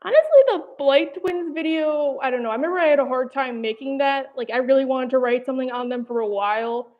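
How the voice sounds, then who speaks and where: A young woman from New Jersey hosts an animation commentary channel and chats casually on a livestream, her high-pitched voice fast. She rambles hesitantly, saying "like" and "I don't know" a lot, and sounds slightly out of breath. The audio is tinny, like a phone.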